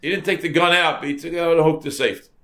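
An older man, a rabbi, telling a story in a sermon with animated, repetitive speech sprinkled with Yiddish and Hebrew words. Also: on the high side, very fast. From United States.

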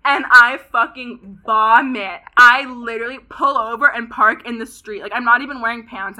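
A woman of about twenty from Pasadena, California, telling a story as a podcast guest in an animated way, saying "like" constantly and swearing often. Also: fairly high pitch. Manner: animated, heavy use of "like", frequent swearing. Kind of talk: casual storytelling interview.

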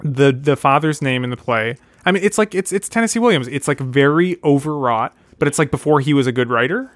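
Guy cohost rambling, laughing at himself, dry close mic, mid pitch. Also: animated, fairly quick, dry recording. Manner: rambling, self-mocking, many restarts. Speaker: podcast co-host. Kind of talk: casual chat.

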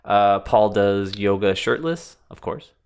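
A man hosting a podcast, recapping a film in relaxed, wry casual chat with lots of fillers. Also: fairly low pitch, takes it slowly, vocal fry, smooth. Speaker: podcast host.

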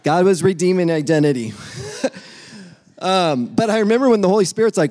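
A man's voice: a little high, expressive, a little fast, darkish tone. Casual joking man preaching a sermon. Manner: casual, joking preacher who acts out dialogues with God. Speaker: pastor.

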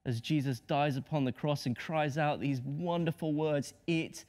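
Impassioned high-voiced preacher man. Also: normal speed. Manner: impassioned, rhetorical, swings between hushed lows and emphatic highs. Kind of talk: Good Friday sermon.

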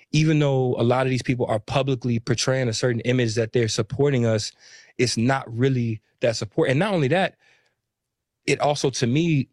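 A man's voice: mid-range voice, a little mellow, dry recording, studio quality. A young man who founded a clothing brand, speaking earnestly and often checking in with "you know what I'm saying.". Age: young adult. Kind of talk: interview answer.

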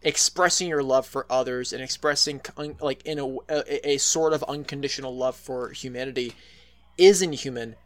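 A man's voice: mid-range voice, normal speed. A man co-hosting a casual podcast, rambling with many restarts and fillers and swearing freely. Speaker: podcast co-host. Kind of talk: casual chat.

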